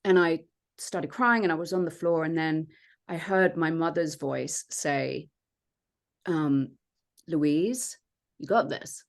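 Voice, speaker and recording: A woman, a podcast guest, telling her own story in an earnest, reflective way with many pauses and fillers. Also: deep voice, vocal fry. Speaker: podcast guest, transformation coach. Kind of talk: personal storytelling in conversation.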